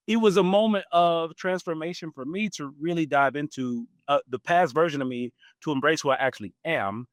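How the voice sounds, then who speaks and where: A man in his forties hosting a podcast, telling a personal story in a casual, animated way and laughing often. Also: no echo, clean studio sound. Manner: animated, acts out quoted voices with big pitch jumps. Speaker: podcast host.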